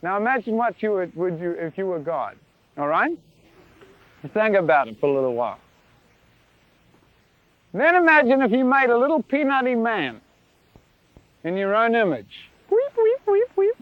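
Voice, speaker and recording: A man preaching a sermon in an animated, playful way, with sound effects, in a lo-fi recording. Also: high-pitched, moderate pace, long pauses, no room sound.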